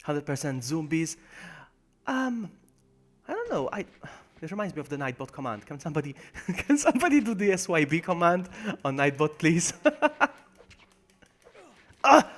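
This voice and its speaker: A man's voice: fairly quick, few pauses. A man streaming a game live, greeting viewers by name, yelping when things go wrong and mocking himself. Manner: excitable, jumps to high yelps when in danger, then mutters low. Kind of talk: live gameplay commentary.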